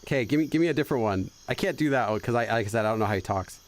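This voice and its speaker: A man's voice: medium pitch, racing. A man hosting a casual let's-play, translating game dialogue aloud and laughing as he loses his train of thought. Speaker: gaming channel host.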